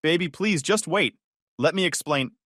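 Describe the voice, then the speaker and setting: A woman's voice: lowish voice, lively intonation, moderate pace, fairly bright tone, no room sound, voice pushed up. A man voicing a young wife who pleads and panics, in a dry, close recording. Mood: pleading. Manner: pleading, sobbing. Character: wife, young adult woman, pleading and hysterical.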